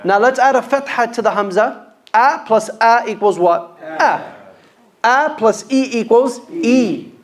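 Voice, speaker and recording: A man teaching Quran reading in a mosque class, slowly drilling letter sounds and correcting pronunciation. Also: very high voice. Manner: slow, clearly enunciated call-and-repeat drilling with correction. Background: class of students repeating.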